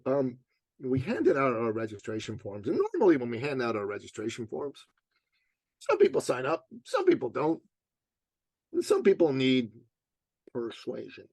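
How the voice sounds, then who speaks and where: A man's voice: medium pitch, no room sound. A man being interviewed as a motivational coach, telling stories casually and acting out what people said. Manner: animated storyteller, acts out quotes.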